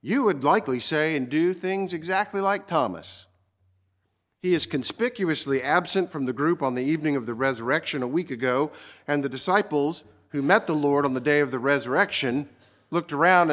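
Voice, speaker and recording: A male pastor delivering a sermon in a slightly higher-than-usual voice. He preaches with earnest emphasis and slows down to drive key words home. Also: fairly bright tone.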